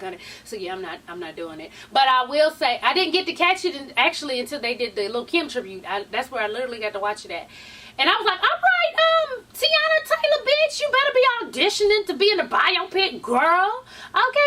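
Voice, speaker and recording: A woman's voice: sits high, pushed and bright, distant mic, rough recording. A young woman giving a casual, profane reality TV recap, acting out the people she quotes. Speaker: TV recap vlogger.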